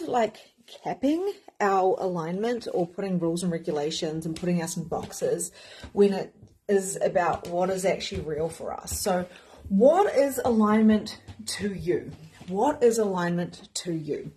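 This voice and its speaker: A woman's voice: mid-range voice, warm tone, a little hiss or hum. A woman spiritual coach on a casual, effusive live stream who talks straight to her viewers, greets commenters by name and swears freely. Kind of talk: live-streamed motivational talk.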